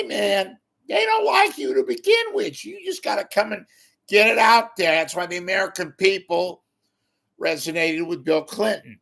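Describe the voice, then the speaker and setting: A man impersonating a blunt, profane male political strategist who rants in shouting bursts. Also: sits high, creaky, voice pushed up, full character voice.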